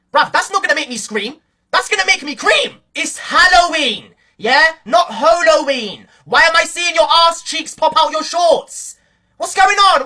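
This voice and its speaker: A woman delivering a brash, mocking comedic rant to the camera with loud outbursts. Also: extremely high pitch. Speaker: comedy skit creator.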